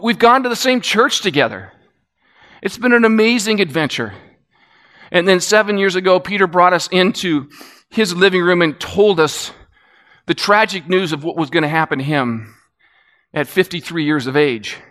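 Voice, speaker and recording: A man preaching, telling a story with animated swings from excited to hushed. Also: sits high. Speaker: pastor. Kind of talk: sermon storytelling. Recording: long reverb of a large hall.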